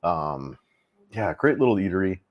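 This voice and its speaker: A man's voice: sits low, sing-song, normal speed, lo-fi sound. A middle-aged man hosting a casual travel livestream, rambling easily with lots of fillers and restarts.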